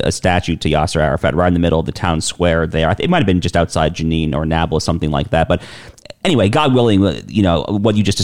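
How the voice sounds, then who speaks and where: A man's voice: low voice, darkish tone. A man hosting an interview, asking questions with stammered restarts. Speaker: host.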